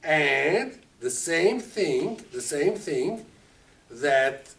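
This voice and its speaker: A rabbi teaching a Torah class, lively and expressive, acting out the quotes and mixing in Hebrew terms. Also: male voice, on the high side, very slow. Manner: animated, acts out quotes, mixes Hebrew terms. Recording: distant mic with faint room ambience.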